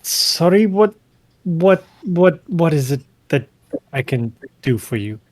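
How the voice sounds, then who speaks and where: A man's voice: a little high, big pitch swings, slow, dry recording, voice pushed up, heavily acted. A man voicing a polite holy cleric eager to help, in a tabletop game. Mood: startled. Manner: courteous, slightly bewildered.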